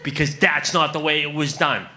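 High-voiced man doing stand-up. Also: fairly even intonation, normal speed, bright, forceful tone. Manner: punchy joke delivery, addressing the crowd as folks. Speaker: stand-up comedian. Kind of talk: stand-up comedy set. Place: comedy club stage.

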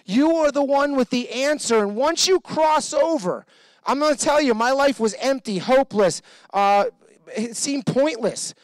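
A male pastor preaching an energetic sermon, calling on the congregation to repeat lines back to him. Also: very high voice, unhurried, no echo. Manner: animated, energetic preaching with call-and-response.

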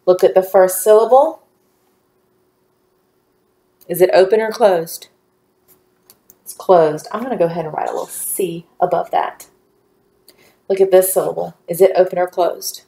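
A woman teaches a phonics lesson to young children, patient and encouraging, drawing out each word slowly. Her voice is lowish, gravelly and dark, heard in an echoey room.

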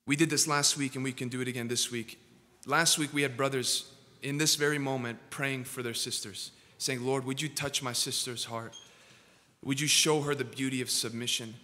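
A male pastor preaching a sermon in a church, moving from hushed asides to loud, emphatic build-ups. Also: medium pitch, steady tone, a little fast. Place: church sanctuary.

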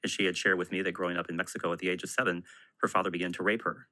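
Deep, bright-toned priest telling a story. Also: male voice, level tone, rapid-fire, poor audio. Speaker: Catholic priest, exorcist. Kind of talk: storytelling in a podcast interview. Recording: played from a podcast clip.

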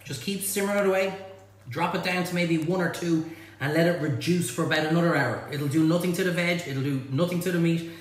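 High-voiced, chatty Irish man cooking live. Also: fairly quick. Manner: chatty and excitable, full of exclamations. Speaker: chef host. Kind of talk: live cook-along stream. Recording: very echoey room, faint noise.

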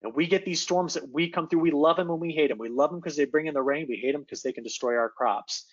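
A man, an atmospheric scientist, giving an animated forecast presentation in a virtual meeting, often checking in with his audience. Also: on the high side, highs cut off. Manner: animated, engaging, addresses audience with quick checks. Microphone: video call.

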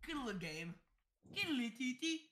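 Streamer woman, crude gamer chat, over loud game audio. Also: on the high side, very animated, reverberant. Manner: crude, rapid callouts. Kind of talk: casual game chat with callouts. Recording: loud game noise behind.

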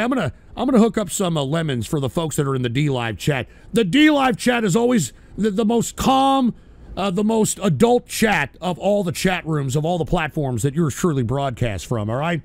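A man hosting a livestream show, ranting with constant swearing, shouting at trolls, and tacking "all right?" onto his sentences. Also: fairly high pitch, very animated, a little fast, no echo. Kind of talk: profane livestream rant.

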